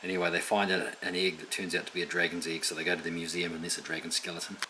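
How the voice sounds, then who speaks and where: A man's voice: low voice, racing, a little hiss or hum. A male illustrator chatting casually as he walks through his sketches and book ideas. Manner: relaxed, chatty, explanatory. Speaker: illustrator presenting his work. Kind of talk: casual tutorial talk.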